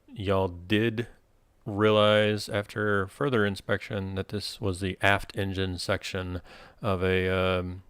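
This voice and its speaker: Man, game master, low voice, resonant, relaxed narration with fillers. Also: smooth, no room sound. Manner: laid-back, filler-heavy narration.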